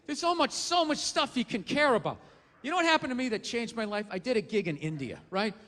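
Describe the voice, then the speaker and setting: High, bright-voiced ranting male comedian. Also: animated, a little fast, long reverb tail. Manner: ranting, mocking, loud and profane with acted quotes. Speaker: stand-up comedian. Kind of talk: stand-up comedy set. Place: comedy stage before an audience.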